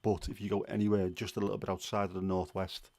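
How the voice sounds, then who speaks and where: Scouse man hosting a casual live chat, lowish voice, dry close sound, rambling with ums. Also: little pitch movement, fast, vocal fry, a little mellow, no room sound. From Liverpool, England. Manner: rambling, chatty, many fillers. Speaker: livestream host. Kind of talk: casual chat answering viewers.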